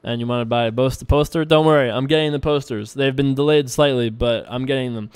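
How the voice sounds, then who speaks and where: A man casually commenting on his own online poker play as host, rambling and relaxed with frequent filler words. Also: medium pitch, fairly quick, smooth, no room sound. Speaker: poker player and show host.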